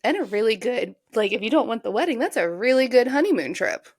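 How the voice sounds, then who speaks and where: A woman's voice: fairly high pitch, animated, fast talker. A woman co-hosting a podcast in casual chat, incredulous and blunt, swearing freely as she asks pointed questions. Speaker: podcast co-host.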